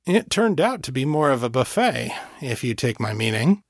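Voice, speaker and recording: A man's voice: mid-range voice, sing-song, normal speed, no room sound. Brief: man doing a cocky, drawling incubus, mocking tone, dry close read. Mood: smug. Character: smug male incubus, cocky and teasing.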